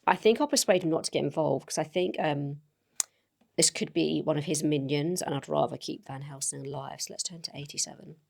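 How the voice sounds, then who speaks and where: Low, gravelly woman reading quickly. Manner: brisk, steady reading with casual asides between choices. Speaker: gamebook player. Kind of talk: reading a gamebook aloud with own play comments.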